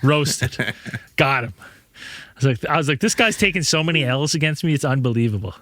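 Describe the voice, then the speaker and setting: A man's voice: on the high side, expressive, normal speed, fairly bright tone, no room sound. A man in his thirties, a podcast host, telling rambling stories in casual chat, swearing often and laughing a lot.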